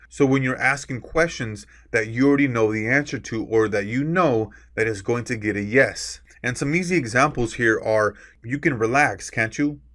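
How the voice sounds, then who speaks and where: A man's voice: mid-range voice, a bit bright. A man teaching a recorded course lecture. He explains with examples, stresses key words on purpose and often adds a tag "right?". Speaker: course instructor.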